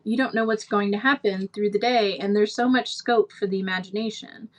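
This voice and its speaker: A woman's voice: mid-range voice, steady tone, a little fast, close to an everyday voice. A woman voicing a chatty, dreamy, imaginative orphan girl who gushes as she talks. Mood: gushing. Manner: gushing, talkative.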